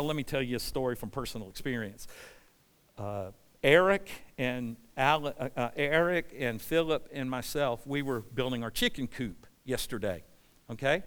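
A man preaching a passionate sermon as pastor, swinging from loud, urgent declarations down to low, quiet storytelling. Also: clean tone, big-room sound. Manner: passionate, rising to near-shouting then dropping low. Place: church sanctuary.

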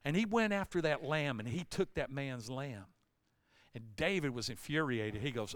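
A man pastor preaching a sermon, retelling a scripture story in plain everyday words and building to loud emphatic bursts. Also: mid-range voice, lively intonation, normal speed, no echo.

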